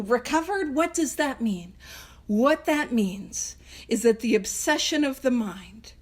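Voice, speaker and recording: A woman hosting a book study, reading passages aloud and explaining them in a chatty way, with laughing asides and frequent restarts. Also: high-pitched. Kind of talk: casual teaching, reading and explaining text. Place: in a vehicle on a video call.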